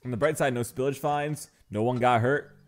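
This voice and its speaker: A man's voice: mid-range voice, fairly even intonation, normal speed. A man giving casual let's-play commentary on a game, joking and playfully mock-angry as he bosses his in-game workers around. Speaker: gaming channel host.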